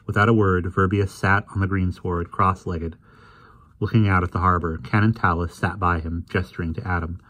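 A man reading a novel aloud in measured, unhurried narration. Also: low-pitched, flat delivery, a bit bright. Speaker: audiobook reader.

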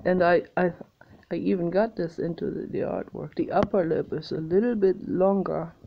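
A woman's voice: on the low side, fairly even intonation, normal speed, gravelly. A woman chatting casually in a home video, meandering and thinking aloud as she shows her art. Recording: slightly muffled, faint hiss.

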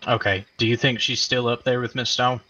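Brief: man voicing a calm, methodical western lawman, mid-pitched, muffled lo-fi voice chat. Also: brisk, dry recording. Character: patient frontier lawman taking a statement. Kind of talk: western game role-play.

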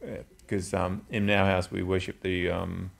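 Middle-aged man, low gravelly voice, loose rambling storyteller who swears a lot. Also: monotone, a little slow. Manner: rambling, swears freely, tells bawdy anecdotes. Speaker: drinks reviewer and interviewer. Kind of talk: casual chat.

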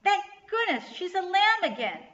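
A woman's voice: a little high, fairly quick, pushed and bright. A woman voicing an earnest, cheerful schoolgirl in a storybook reading. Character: eager schoolgirl best friend. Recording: echoey room, slightly dull sound.

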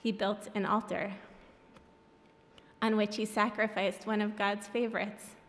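A woman's voice: mid-range voice, flat delivery, unhurried. A woman reading her own graphic novel at a public event, breaking off for wry, self-deprecating asides. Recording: echoey hall.

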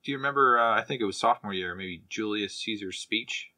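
A man's voice: on the low side, fast, sharp tone. A young man co-hosting a podcast in casual chat, asking questions and laughing along. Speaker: podcast co-host.

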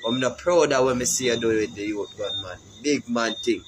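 A man's voice: medium pitch, fairly quick, slight background noise, poor audio. A man with a Jamaican accent delivering a heated, repetitive social media rant that calls out a fellow artist.

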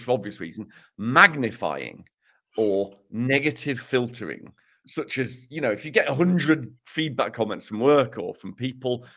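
A man's voice: mid-range voice, a bit bright. A man co-hosting a casual podcast, explaining research with dry, self-mocking humor. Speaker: podcast co-host presenting research.

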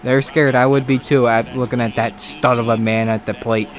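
Excitable man commentating his own game. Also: medium pitch, normal speed. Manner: excitable, swears, talks to the game. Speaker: gaming commentator. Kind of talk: casual let's-play commentary.

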